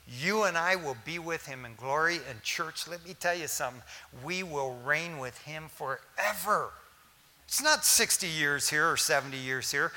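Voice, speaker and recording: A male pastor delivers a sermon in a bright, forceful voice that sits somewhat high for a man. He mixes casual, slangy storytelling with fervent urging. The sound carries a long reverb from the church sanctuary. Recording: hall reverb.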